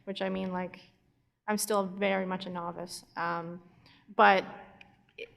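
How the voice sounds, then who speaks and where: A woman's voice: lowish voice, flat delivery, unhurried, vocal fry, a bit bright. A woman on a convention panel talking casually, chatty and giggly, with plenty of fillers. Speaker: animator and YouTuber on a panel. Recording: long reverb of a convention hall.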